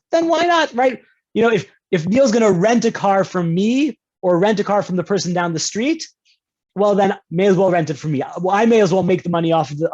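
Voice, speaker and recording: A man lecturing to a class over a video call, relaxed and conversational. He keeps checking in with his listeners and jumps up in pitch when he quotes someone in an example. The audio is dull and lo-fi. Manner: conversational, often checks in with "right?". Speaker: rabbi teaching a class. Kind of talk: online lecture on Jewish law.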